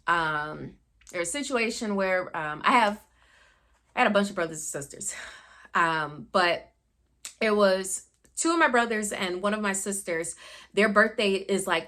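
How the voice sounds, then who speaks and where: A young woman with a medium-pitched, slightly bright voice talks through a book review. She is candid and chatty, her casual talk full of fillers and asides.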